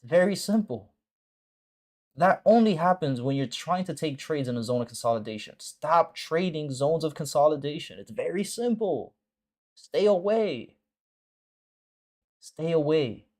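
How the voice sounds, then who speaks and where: A man with a fairly high voice and lively intonation speaks at a moderate pace while hosting a live forex trading stream. As a mentor, he's blunt and profane with viewers, talking slang and repeating short phrases to drive points home.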